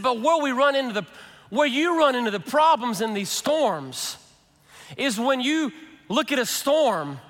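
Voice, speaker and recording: Man, pastor, lively conversational sermon, ringing hall reverb. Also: extremely high pitch. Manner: conversational, animated preaching with acted-out quotes.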